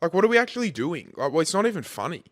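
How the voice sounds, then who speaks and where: A young Australian man co-hosting a podcast in casual chat, animated and full of swearing and "bro". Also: a little high, racing, no echo, studio quality. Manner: animated, swears a lot, keeps saying bro. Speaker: podcast co-host.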